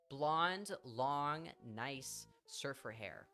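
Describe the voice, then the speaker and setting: A man telling a wild personal story on a live stream. He talks at a medium pitch, swears freely, and fills his lines with "like" and laughs. Faint music plays behind him. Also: slow pace, few pauses. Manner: animated, profane, lots of fillers and laughter.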